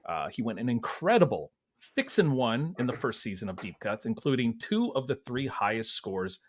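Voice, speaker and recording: A man hosting a podcast, chatting easily, sharing a quick story and introducing guests. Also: mid-range voice, sing-song. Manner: easygoing, laughs along, then introduces guests. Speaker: podcast host. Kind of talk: casual chat and show introduction.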